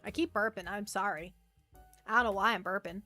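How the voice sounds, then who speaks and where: A woman's voice: medium pitch, fairly quick, sharp tone, faint music behind. A woman streaming as a VTuber, chatting casually with her viewers and reading the chat aloud, often trailing off and restarting.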